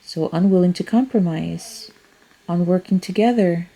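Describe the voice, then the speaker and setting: A woman's voice: fairly low pitch, normal speed, vocal fry, warm tone. A woman giving a casual tarot reading, thinking aloud in a rambling way and speaking bluntly, with free swearing. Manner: frank, blunt, swears freely. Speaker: tarot reader.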